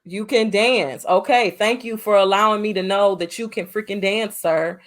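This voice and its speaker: A woman's voice: medium pitch, normal speed. Chatty emphatic woman co-host. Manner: chatty, emphatic, exasperated asides. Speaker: podcast co-host. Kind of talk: casual chat movie review.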